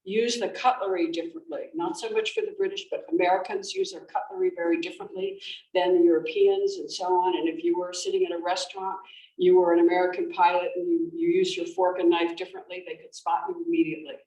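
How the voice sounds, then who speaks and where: A woman's voice: lowish voice, steady tone, quick pace, mellow. A woman author giving a talk at a library, telling a story conversationally with restarts and fillers. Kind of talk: conversational presentation. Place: library event room. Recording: roomy, distant, faint background noise.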